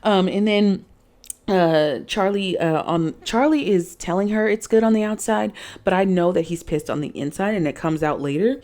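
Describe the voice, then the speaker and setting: A woman's voice: medium pitch, moderate pace, a little mellow. A woman recapping a reality dating show in a chatty, sassy way, with lots of fillers and asides to viewers.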